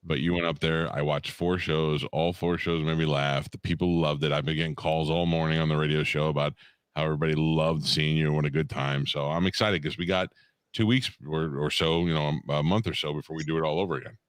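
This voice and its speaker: A radio host with a very low voice trades dry, teasing banter with his co-host. He talks in a relaxed conversational way. The close microphone sound is completely dry. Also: brisk, smooth, no room sound. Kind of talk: casual banter. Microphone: studio microphone.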